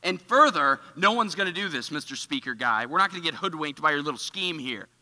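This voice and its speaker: Bright-voiced man telling a sermon story. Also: on the high side, a little fast, big-room sound. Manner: casual, animated, full of "like" fillers. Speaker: church speaker. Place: church auditorium.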